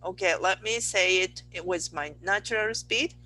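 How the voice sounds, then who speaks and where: Middle-aged Japanese-accented woman, language teacher, slow and patient delivery, bright tone. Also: mid-range voice, low-quality recording. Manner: patient, repeats words slowly, asks "okay?" often. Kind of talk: online language lesson.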